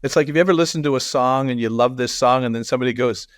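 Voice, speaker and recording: A man's voice: mid-range voice, racing, no echo, clean studio sound. A man speaking as a guest expert in a podcast interview, explaining through personal stories and laughing easily.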